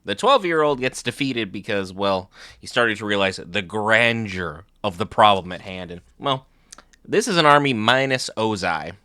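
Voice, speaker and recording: A man giving a sarcastic, jokey, animated commentary as a reaction video host. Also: lowish voice, moderate pace, dry recording, studio quality.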